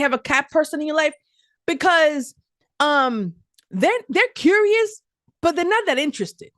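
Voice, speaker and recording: Woman comic, high and animated, dry close sound, rambling chatty delivery. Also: measured pace, no room sound. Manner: chatty, rambling, lots of "like" and restarts. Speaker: stand-up comedian. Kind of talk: stand-up set. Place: virtual comedy show.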